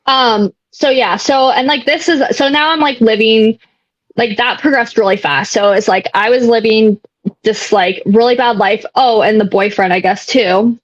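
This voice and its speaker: At a moderate pace and a slightly high pitch, a young woman candidly shares her recovery as a guest, rambling through fillers and dropping the odd blunt swear word. There's no echo, and the lo-fi recording comes across dull and dry.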